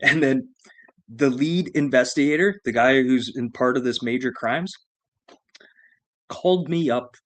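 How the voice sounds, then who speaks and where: A man casually telling a profane story, laughing and animated as he retells it. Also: mid-range voice, measured pace, no room sound.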